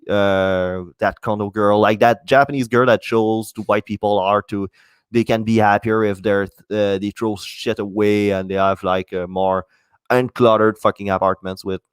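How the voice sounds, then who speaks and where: A man's voice: medium pitch, clean tone, dry recording. Rambling, foul-mouthed man on a podcast. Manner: rambling, profane, many false starts. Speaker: podcast host. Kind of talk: solo podcast monologue.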